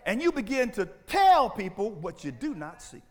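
A man preaching a sermon, asking the congregation questions and rising to shouts. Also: sits high, sing-song, normal speed. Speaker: pastor.

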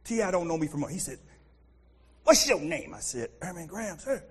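A middle-aged American man preaching a sermon with a fairly high voice that leaps up and down. He talks as a pastor, animated, swinging between loud shouted bursts and hushed, confiding asides. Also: normal speed, breathy edge. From United States.

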